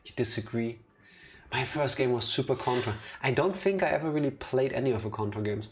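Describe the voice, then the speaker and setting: A man's voice: mid-range voice, a little fast. A man who learned English as a second language, co-hosting a let's play with casual, joking gaming chat. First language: not English. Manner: joking, teasing.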